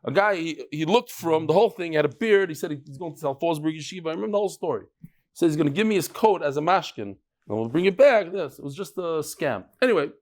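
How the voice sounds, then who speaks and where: Animated man teaching Talmud. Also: a little high, quick pace. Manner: animated storytelling, mixing English with Hebrew and Yiddish terms. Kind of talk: lively Talmud class lecture.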